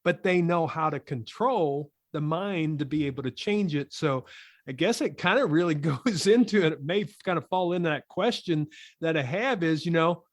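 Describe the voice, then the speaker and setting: A man's voice: on the high side, normal speed, dry recording, studio quality. A man hosting a podcast, asking casual interview questions in a rambling way that restarts as he goes. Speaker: podcast host.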